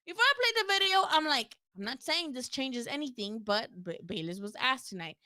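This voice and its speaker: A woman's voice: high voice, expressive, fairly quick, sharp tone, no room sound. A woman hosting a casual post-fight livestream, talking bluntly and profanely while answering her chat. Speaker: boxing livestream host.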